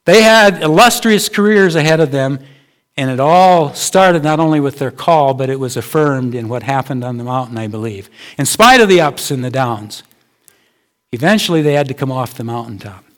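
A man's voice: medium pitch, expressive, moderate pace. A male pastor preaching a sermon in a conversational way, asking his listeners rhetorical questions.

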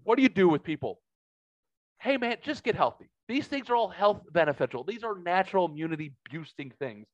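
Podcast host, male, swearing and worked up mid-story, slightly high voice, dull lo-fi recording. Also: brisk, no room sound. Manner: profane, animated, heated. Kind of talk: casual storytelling chat.

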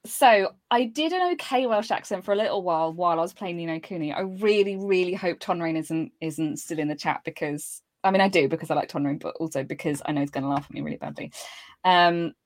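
A woman's voice: fairly low pitch, brisk. A young woman from the UK, a streamer and voice actress, chatting casually as a guest and laughing at herself. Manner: giggly, self-deprecating. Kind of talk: casual podcast chat.

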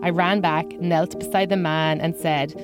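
Deadpan woman telling a story over music. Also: fairly low pitch, measured pace. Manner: dry, self-mocking humor. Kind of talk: scripted personal story.

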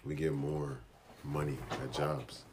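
A man's voice: a bass voice, level tone, takes it slowly, crowd noise. A man from Massachusetts in a casual chat, speaking in a laid-back way and repeating his points.

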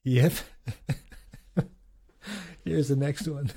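A man hosts a casual vlog, giving chatty commentary on his recorded audio clips while chuckling often and restarting sentences. His fairly high voice is gravelly and dark with a breathy edge, and he speaks extremely slowly.

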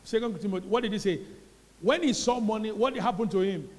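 A Nigerian man preaching a sermon as pastor, repeating key phrases and building to loud emphatic peaks. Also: high-pitched, fairly quick, long reverb tail. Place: church hall.

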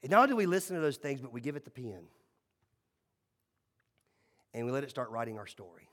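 A middle-aged man preaching a sermon, telling stories and swinging between loud and hushed lines. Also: mid-range voice, big pitch swings, rapid-fire. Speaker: pastor. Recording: echoey hall reverb.

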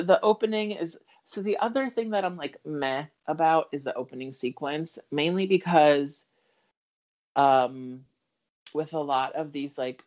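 A man talking loosely through a film review on a podcast, circling his points with fillers and false starts. He is candid and swears now and then, in a relaxed, unscripted chat. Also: on the high side. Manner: rambling, full of fillers and restarts. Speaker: podcast co-host.

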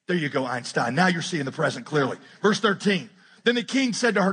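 A man preaching a sermon as pastor, animated and joking as he retells a scripture story. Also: a little high, brisk, husky. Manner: animated, jokey retelling with acted-out quotes.

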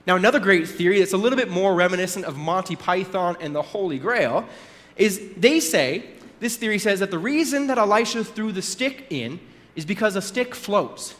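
A man's voice: sits high, expressive, moderate pace, a bit bright. A male pastor giving a conversational sermon, telling a story with casual asides and little acted voices. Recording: long hall reverb.

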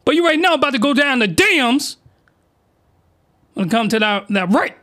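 A man with a high voice talks straight into a close desk mic, hosting his own solo podcast. He rants in slangy, excitable bursts and sometimes shouts when he gets worked up. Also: moderate pace. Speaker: podcast host reviewing anime. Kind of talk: animated solo podcast rant. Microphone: desk microphone, close.

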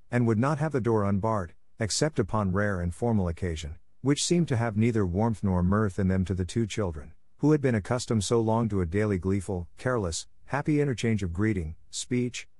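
A man narrating a classic story as an audiobook, in a steady, measured reading. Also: on the low side, no room sound.

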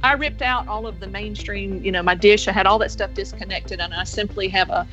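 A woman's voice: medium pitch, fairly quick, a bit bright, lo-fi sound, soft background music. A woman with an English accent, a podcast guest chatting playfully and laughing often. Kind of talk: casual chat.

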